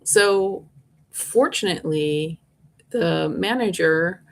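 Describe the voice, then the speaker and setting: A woman talking casually to camera in a long rant. Her voice sits a bit low and has a gravelly fry. She rambles, trips over her words and sounds fed up. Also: takes it slowly. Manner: frustrated, rambling, with many restarts. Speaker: vlogger reviewing bus lines. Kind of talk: casual ranting monologue.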